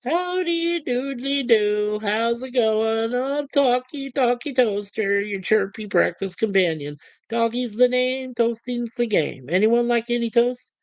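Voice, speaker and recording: A woman's voice: animated, a little slow, no echo. A woman putting on a chirpy, pushy talking toaster. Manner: cheery sing-song pitching, relentless. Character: chirpy, pushy male toaster obsessed with bread. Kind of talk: reading out sitcom scenes.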